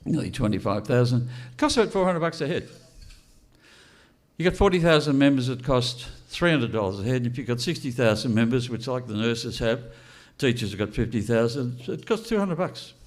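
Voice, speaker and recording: A man's voice: mid-range voice, a little fast. Blunt older man giving a speech. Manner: blunt, animated, rhetorical questions. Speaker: speaker at a political launch event. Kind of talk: unscripted speech to an audience.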